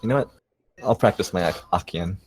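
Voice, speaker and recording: Deep-voiced man playing a tabletop game. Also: brisk, a little mellow, breathy edge. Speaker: player. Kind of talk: casual tabletop play.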